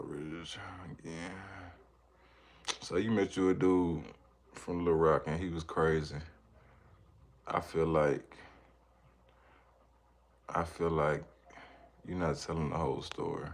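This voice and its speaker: A man, a parent, chatting casually on a livestream, rambling and reacting to viewers' comments. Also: sits low. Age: adult with children. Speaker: livestreamer reading chat. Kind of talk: casual live chat.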